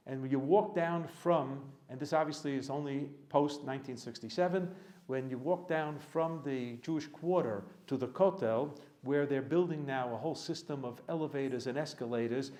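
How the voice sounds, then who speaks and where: Middle-aged rabbi, fairly high voice, casual lecturer who wanders into joking asides. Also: male voice, darkish tone. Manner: chatty, digressive, joking asides. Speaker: rabbi teaching a class.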